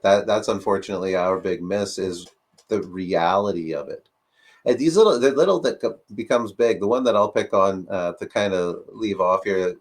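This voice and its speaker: Animated man firing rhetorical questions. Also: fairly low pitch. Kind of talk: casual discussion.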